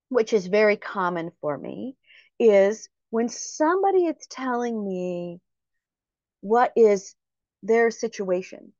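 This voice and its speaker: A woman giving a motivational talk, speaking slowly and deliberately and repeating phrases for emphasis. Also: a little high, darkish tone, no room sound. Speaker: prosperity mindset speaker. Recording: dry, slightly muffled recording.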